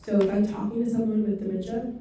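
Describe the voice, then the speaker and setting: Fast, animated woman in an echoey room. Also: medium pitch, distant mic, a little hiss or hum. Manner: fast, animated, storytelling with asides. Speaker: dementia care trainer. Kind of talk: training talk to a live audience.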